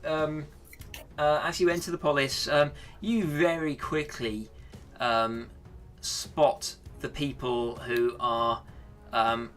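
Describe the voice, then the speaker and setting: A man narrating a tabletop game as game master, halting with many fillers. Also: mid-range voice, bright, forceful tone.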